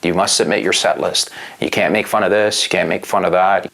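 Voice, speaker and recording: A man's voice: low voice, steady tone, a little fast, creaky, a bit bright. A man who is a stand-up comic, talking emphatically in an interview about his trade. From Canada. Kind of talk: interview talk.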